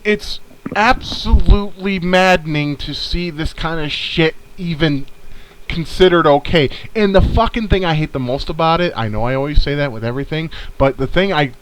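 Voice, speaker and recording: A man from the northern United States co-hosts a casual podcast, ranting and rambling with heavy swearing. His voice is on the high side and a bit bright at normal speed, in a low-quality recording with a little hiss or hum.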